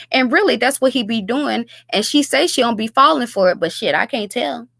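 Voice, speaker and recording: A woman's voice: mid-range voice, normal speed, creaky, hardly any pauses, fairly bright tone, no room sound. A woman hosting a commentary video, ranting bluntly and scornfully with heavy profanity. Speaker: YouTube commentary host.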